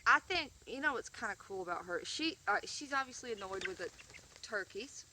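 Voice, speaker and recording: A woman's voice: medium pitch, animated, moderate pace, recorded from a distance, background noise. A woman chatting casually to camera about her chickens, rambling with fillers and restarts. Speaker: backyard chicken keeper vlogger. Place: outdoors by a chicken coop.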